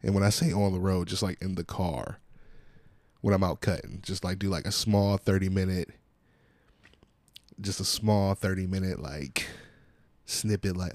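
Laid-back low-voiced man telling stories. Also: fairly even intonation, normal speed, pauses often, darkish tone, no room sound. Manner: laid-back, profane storytelling with acted-out quotes. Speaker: podcast host. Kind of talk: casual chat.

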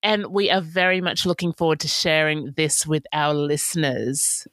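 An Australian woman with a lowish voice hosts a casual podcast chat. She sounds friendly and pauses often with ums, and her voice is dry and close to the mic. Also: steady tone, fairly bright tone, no room sound. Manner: friendly, hesitant with many ums. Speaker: podcast host.

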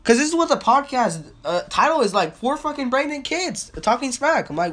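A young podcast host rants on a phone without a mic, in a high-pitched, fairly quick voice. It's a rambling, casual rant: excitable, profane, and full of stories told with quotes.

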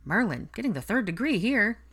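A woman's voice: medium pitch, sing-song, fairly quick, fairly bright tone, voice pushed up. A woman doing a jokey young wizard. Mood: jovial.

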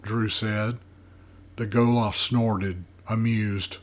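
A man narrating a dark fantasy novel as an audiobook, in a steady, even storytelling manner. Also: fairly low pitch, slow.

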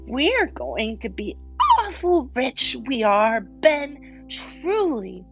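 A tiny, dreamy little girl, as a woman reader puts her on, speaking slowly and wide-eyed with earnest pleading. Her voice rides high and lilting in a storybook reading. The sound is dull and lo-fi, with faint music underneath. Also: big pitch swings, exaggerated voice.

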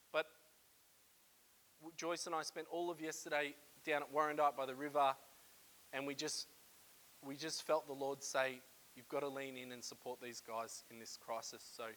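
An emotional pastor preaching a sermon in church, moving from hushed, confiding talk to loud, fervent calls. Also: male voice, fairly high pitch. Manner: emotional, swings from hushed to shouting.

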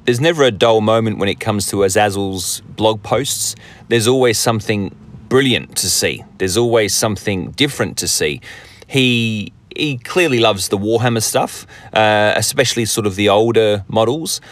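An Australian man hosts a podcast in a casual, rambling monologue, full of jokes and self-mockery. His voice sits a little low. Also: a bit bright. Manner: rambling, jokey, self-deprecating, many fillers and restarts. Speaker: podcast host.

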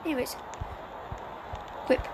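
A woman's voice: a little slow, background noise. A woman giving casual gameplay commentary in a chatty, sarcastic way with muttered asides. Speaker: gameplay streamer.

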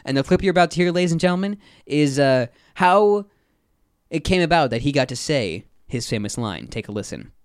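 A man's voice: fairly high pitch, lively intonation, fairly quick, smooth, no room sound, studio quality. A man hosting a podcast, casually recapping a movie plot with lots of filler words. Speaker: podcast host. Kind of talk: casual film recap chat.

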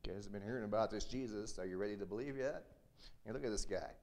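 A man's voice: on the low side, fast, darkish tone. A male pastor preaching a sermon in a conversational, storytelling way with humorous asides.

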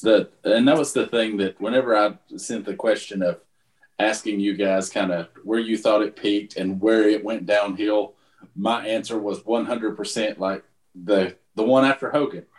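A man's voice: lowish voice, fairly even intonation, moderate pace, darkish tone, reverberant. A man hosting a podcast in casual chat, speaking emphatically and often agreeing with others. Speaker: podcast host asking the questions.

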